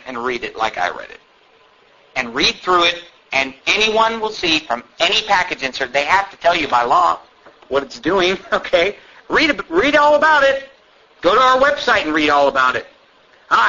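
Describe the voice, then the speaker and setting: A man's voice: high voice, bright, forceful tone. A man preaching a fiery sermon, reading old-fashioned scripture aloud and mocking people with impassioned wails. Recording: dull lo-fi recording.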